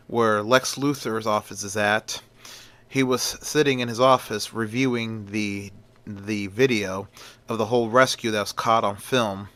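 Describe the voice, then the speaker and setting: A man's voice: on the low side, a bit bright, dry recording. A man narrating a homemade story in a casual, rambling way, full of fillers and restarts.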